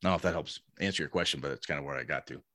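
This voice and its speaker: A man talking casually as a guest about designing and publishing his tabletop game, animated and telling stories with quoted voices. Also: a bass voice, very fast, no room sound. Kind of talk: casual podcast conversation.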